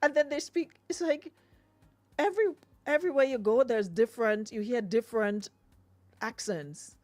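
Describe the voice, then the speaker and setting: A woman's voice: a little high, normal speed, no room sound. A Grenadian woman hosting a radio show, chatting casually with lots of fillers and laughs. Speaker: radio host.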